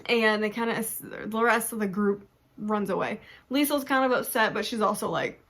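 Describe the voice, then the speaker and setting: A young adult woman reviewing a book in casual chat, animated and chatty, who often laughs and acts out her own reactions. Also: medium pitch, moderate pace.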